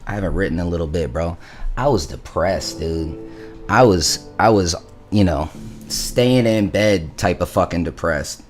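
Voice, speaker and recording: A man's voice: low voice, expressive, normal speed, soft background music. A young man livestreaming from home, chatting loosely with his viewers, swearing freely and rambling through his talk. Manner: loose, profane, talks to chat. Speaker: livestreaming musician. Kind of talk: casual livestream chat. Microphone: studio mic through interface.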